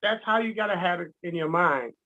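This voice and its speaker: A man teaching in casual talk, animated, acting out quotes and laughing at his own jokes. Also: high voice, a little fast. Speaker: guest speaker. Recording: dull lo-fi sound.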